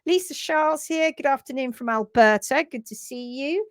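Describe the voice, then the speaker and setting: Woman, stream host, high and bright, dry close sound, chatty and excitable. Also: normal speed, no echo. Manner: chatty, excitable, greets viewers by name. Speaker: livestream host. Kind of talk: casual live-stream chat.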